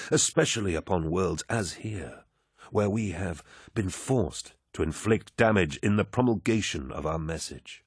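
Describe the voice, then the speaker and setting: Man doing a deep jovial demigod warlord, husky, commanding, booming, audiobook. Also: no echo, clean studio sound. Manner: genial, booming, warmly commanding. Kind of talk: audiobook character voice.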